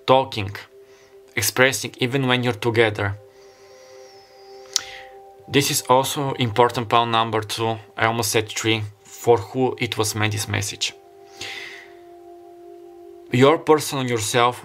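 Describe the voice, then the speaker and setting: A man's voice: mid-range voice, fairly bright tone. Man reading tarot. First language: Bulgarian. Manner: rambling, heartfelt, searching for words. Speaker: tarot card reader. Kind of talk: pick-a-card tarot reading.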